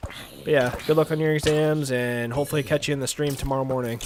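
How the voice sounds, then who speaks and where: A young gaming streamer chats casually with viewers while playing, rambling and using lots of filler, his voice a little congested. He talks fast in a steady, mid-range voice, with a little hiss or hum on the recording.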